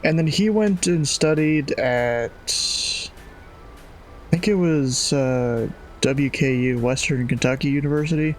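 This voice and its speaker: A man's voice: fairly high pitch, slow pace, a little hiss or hum. A male streamer in easygoing casual chat, slipping into pilot radio calls. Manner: laid-back, slangy, chatty. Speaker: streamer flying online as pilot.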